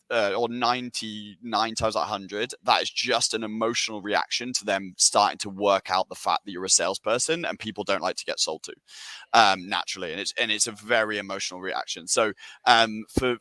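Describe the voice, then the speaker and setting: Casting: man, sales director type, lowish forceful voice, dry close mic, casual eager webinar chat. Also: no echo. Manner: enthusiastic, filler-heavy, many restarts.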